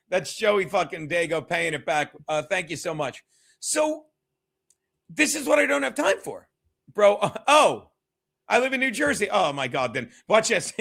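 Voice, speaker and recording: A man hosting a livestreamed comedy show chats casually while reading viewer donations, rambling, swearing and thanking viewers. He laughs often between remarks. His voice is high and creaky with a sharp tone.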